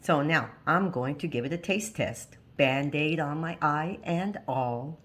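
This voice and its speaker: A woman with a somewhat low voice talks her viewers through a recipe in her home kitchen. She is chatty and down to earth and quick to laugh at her own mishaps. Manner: chatty, homey, laughs at herself. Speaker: home cooking channel host. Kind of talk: casual cooking demonstration.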